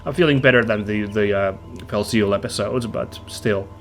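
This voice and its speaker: A man's voice: fairly low pitch, normal speed, fairly bright tone, faint music behind. Chatty man with a stuffy nose. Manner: chatty, rambling, upbeat. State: stuffy, slightly nasal from a cold. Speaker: let's play host. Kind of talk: casual gameplay commentary.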